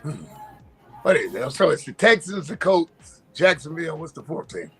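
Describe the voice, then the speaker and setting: Husky, lively-voiced man arguing sports. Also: fairly high pitch, faint music behind. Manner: argumentative, pauses to think aloud. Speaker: sports talk show co-host. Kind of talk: casual sports chat.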